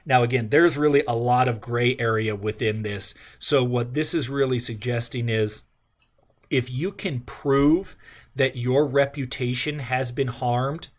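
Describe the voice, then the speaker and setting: A man teaching a law class, explaining steps through examples. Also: mid-range voice. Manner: explanatory, uses examples and restarts. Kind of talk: classroom lecture.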